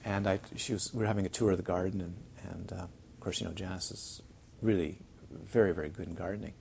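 A man's voice: deep voice, fairly even intonation, quick pace, vocal fry, darkish tone, a little hiss or hum. A man teaching as a Buddhist teacher during a retreat, chatty and checking in with his listeners as he tells funny stories. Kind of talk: Dharma talk on a retreat. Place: retreat centre.

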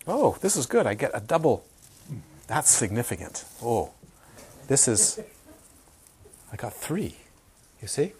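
A man giving an informal Dharma talk to a small group, telling stories with animated asides. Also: mid-range voice, unhurried, long pauses, slight background noise. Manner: animated storytelling, acts out quoted voices. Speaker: meditation teacher.

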